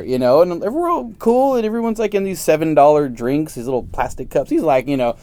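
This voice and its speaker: A man's voice: a little high, a little fast, few pauses. A man telling a story in a casual chat, acting out the people in it. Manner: animated, acts out the people in his story.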